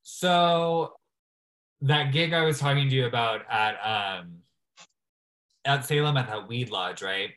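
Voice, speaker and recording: A man's voice: medium pitch, a little slow, long pauses, a bit bright, rough recording. Chatty male drag guest telling stories. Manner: chatty storyteller, frequent "like". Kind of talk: casual interview chat.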